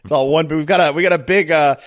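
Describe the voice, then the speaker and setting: A man's voice: a little high, very fast, no room sound, clean studio sound. A man in his forties hosting a casual movie podcast, joking and laughing as he talks. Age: 40s. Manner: animated, laughing, jokey. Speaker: podcast host.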